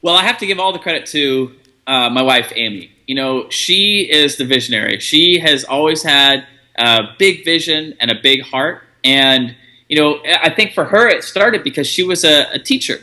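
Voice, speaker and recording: A middle-aged man chatting as an interview guest, relaxed and talkative, acting out bits of dialogue as he tells a story. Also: a little high, moderate pace.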